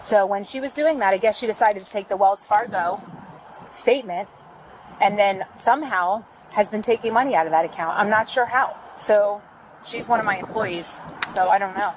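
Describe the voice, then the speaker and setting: An indignant woman vents to an officer, swearing freely and getting emotional. The audio comes from a noisy body camera, with clear background noise. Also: medium pitch, normal speed. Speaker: property manager reporting a theft. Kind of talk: emotional complaint to police.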